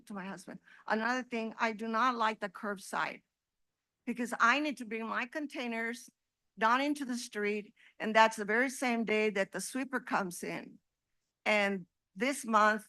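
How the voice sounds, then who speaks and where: A woman's voice: fairly high pitch, pushed and bright, no room sound. A woman making an indignant, rambling complaint during public comment at a city council meeting.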